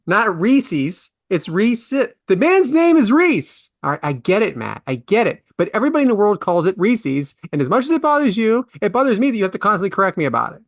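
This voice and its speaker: A man hosting a comedy podcast, ranting with exasperated, animated complaints into a studio mic. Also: very fast, vocal fry, hardly any pauses, no room sound. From half Italian, Philadelphia area. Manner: animated, exasperated complaining with big pitch swings. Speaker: podcast host.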